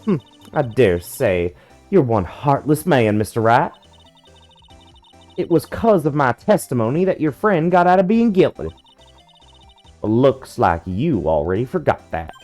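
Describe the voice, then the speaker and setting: A pushy, boastful southern gal with a big folksy drawl, as a man puts her on. The voice sits well above a man's usual pitch and swings up and down with gusto, while loud, hollered calls cut through. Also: big pitch swings, unhurried, pauses often, soft background music. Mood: brash. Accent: Southern US, put on. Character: brash southern woman photographer, loud and pushy. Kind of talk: fan voicing of a game character.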